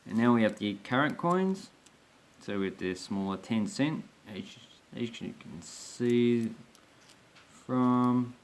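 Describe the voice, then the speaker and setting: Low-voiced man rambling about his collection. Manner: rambling, hesitant, many fillers and restarts. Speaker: coin collector vlogger. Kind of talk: casual show-and-tell commentary.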